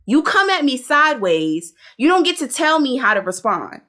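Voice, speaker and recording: A woman co-hosting a show-review chat, blunt and animated, with plenty of slang and cursing. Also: sits high, moderate pace. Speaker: podcast co-host reviewing a reality show. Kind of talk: casual opinionated chat.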